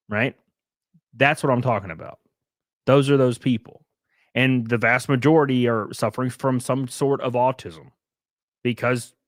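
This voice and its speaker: A man streaming casual commentary, rambling and animated, swearing now and then, sounding worn down. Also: mid-range voice, no echo, clean studio sound. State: worn down, says he can barely function. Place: home studio.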